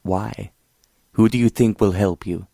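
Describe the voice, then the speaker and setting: A man's voice: on the low side, fairly even intonation, a little slow, creaky, warm tone, no room sound, clean studio sound. A man playing an arrogant scheming prince who speaks coldly and mockingly. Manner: mocking, cold, condescending. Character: cold scheming foreign prince, arrogant villain.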